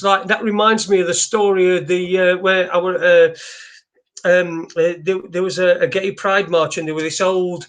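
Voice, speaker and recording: A man hosting a solo livestream, talking in a rambling, halting way with lots of restarts and swearing. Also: high-pitched, flat delivery, fairly bright tone. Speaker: livestream host. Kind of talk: casual solo livestream chat.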